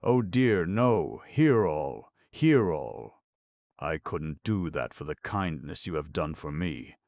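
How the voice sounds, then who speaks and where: A man's voice: rumbling low, sing-song, slow, darkish tone, no echo, clean studio sound, exaggerated voice. A man voicing Jack, a simple, tender-hearted young man in a folk tale, who pleads and grieves. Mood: pleading. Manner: distressed, pleading.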